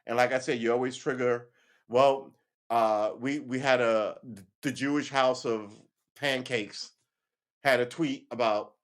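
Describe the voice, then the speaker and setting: A man talking in a casual opinion monologue as host of a livestream, animated, often stumbling and restarting his words and acting out what other people say. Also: medium pitch, unhurried. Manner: animated, acts out voices of others.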